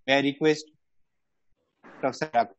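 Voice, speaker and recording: A man chairing a medical webinar session, speaking formally and in a measured way. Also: mid-range voice, fairly even intonation. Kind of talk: formal conference introduction. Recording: dull dry lo-fi webinar audio.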